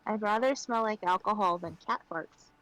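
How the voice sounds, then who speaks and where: A woman's voice: medium pitch, normal speed, fairly bright tone, poor audio. Woman giving short dry replies. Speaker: co-streamer. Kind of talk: casual chat.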